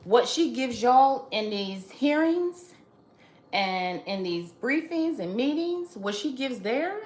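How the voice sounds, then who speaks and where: In a reverberant space, a female host delivers an emphatic opinion monologue at an unhurried pace, her pitch lively and swooping. She lectures her listeners, hammering each point home by repeating it.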